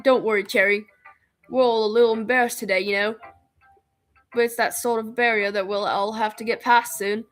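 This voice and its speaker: A woman's voice: on the high side, steady tone, normal speed, fairly bright tone, soft background music, lightly acted. A woman voicing a poised, encouraging young female club president with a put-on British accent that comes out sounding Australian. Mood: reassuring. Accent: attempted British that comes out Australian-sounding. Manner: reassuring, confident, a little teasing. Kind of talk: reading game dialogue aloud.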